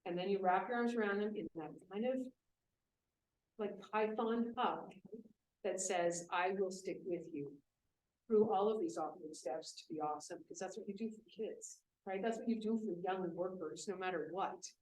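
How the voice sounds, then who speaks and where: A woman speaking at a business event, telling a lively classroom story in a conversational way. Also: medium pitch, moderate pace. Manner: animated, conversational, voices quoted students. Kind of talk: storytelling talk. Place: event room. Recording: echoey room from a distant mic with faint hiss.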